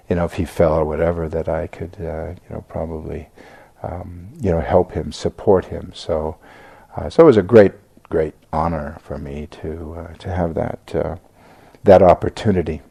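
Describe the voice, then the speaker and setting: An older American man giving a reflective dharma talk, speaking haltingly with many fillers and restarts. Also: low voice, vocal fry, dark tone. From United States. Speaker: Buddhist teacher giving a talk.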